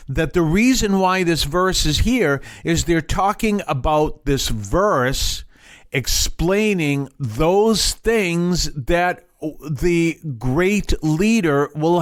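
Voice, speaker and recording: A man's voice: a little high, no echo. Chatty male Bible teacher, dry close sound. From Boston area. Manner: conversational, digressive, with jokey asides.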